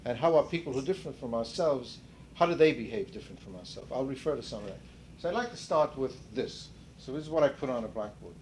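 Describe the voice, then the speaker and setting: Older man, seminar leader, lecturing casually, asks the group questions, mid-pitched, light hiss. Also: animated, fast, a little mellow. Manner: conversational, restarts and rephrases mid-sentence.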